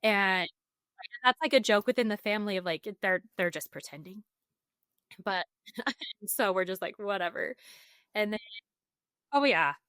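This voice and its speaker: A woman in her thirties tells family stories as a podcast guest, chatty and animated, often acting out what she said. Her voice sits at a middle pitch. The sound is dry and close, with no room around it. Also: unhurried, pauses often, clear, resonant tone, no echo. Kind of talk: conversational storytelling.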